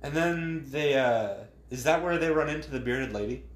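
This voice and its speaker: A man's voice: a little high, moderate pace. A man co-hosting a podcast, laughing often and recapping a movie's plot in a casual chat. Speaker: podcast co-host. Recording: roomy echo.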